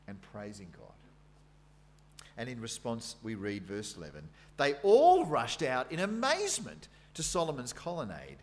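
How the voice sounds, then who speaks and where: A man's voice: mid-range voice, slight background noise. An Australian man preaching a sermon. He tells the story in a conversational way and reads scripture aloud with dramatic emphasis.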